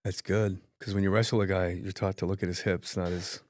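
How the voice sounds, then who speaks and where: A man's voice: sits low, level tone, fairly quick, darkish tone, no room sound. Chatty, joking man hosting a podcast. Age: middle-aged. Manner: chatty, jokey, steers with questions. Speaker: podcast host. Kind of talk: casual interview chat.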